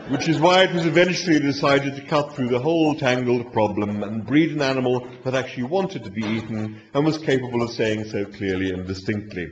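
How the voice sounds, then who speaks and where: A man reading comic fiction aloud live in a dry, wry, animated manner. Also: lowish voice, fast, hardly any pauses, slight background noise. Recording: dull lo-fi live recording.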